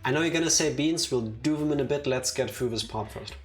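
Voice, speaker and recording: A woman's voice: rumbling low, quick pace, faint music behind. A woman from New Jersey co-hosting a live game stream with dry, teasing banter. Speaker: streamer co-host. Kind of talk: casual live-stream chat.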